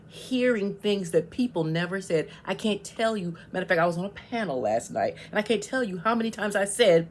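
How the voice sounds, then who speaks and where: A woman's voice: mid-range voice, expressive, a little fast, hardly any pauses, slight background noise. A woman vlogger giving casual, emphatic advice on communication, often checking in with "okay?".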